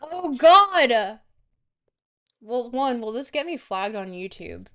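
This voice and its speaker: Woman, streamer, casual rambling chat, swears, slightly high pitch. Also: normal speed, clear, resonant tone. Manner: goofy, rambling, swears freely.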